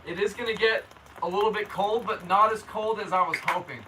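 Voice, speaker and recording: A man's voice: high voice, fairly even intonation, brisk, distant mic, noisy background. A man hosting a casual weather livestream from his home, chatting with viewers in a laid-back, slangy way and reading their comments aloud. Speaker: local weather livestream host. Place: indoors at home.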